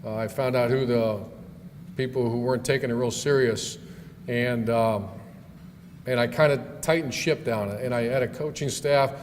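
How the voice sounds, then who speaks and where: A man's voice: medium pitch, fairly even intonation, moderate pace. Folksy middle-aged man telling stories. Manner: folksy storyteller with fillers and restarts. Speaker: guest speaker, football coach. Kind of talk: storytelling speech at a club event. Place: banquet hall. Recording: long hall reverb, faint room noise.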